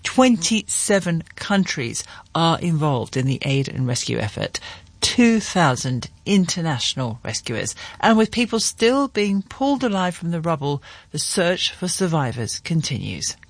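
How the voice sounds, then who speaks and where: A man presenting the news, reading reports in a measured, serious way and questioning a correspondent. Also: fairly high pitch, very animated, no echo. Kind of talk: scripted news reading and interviewing.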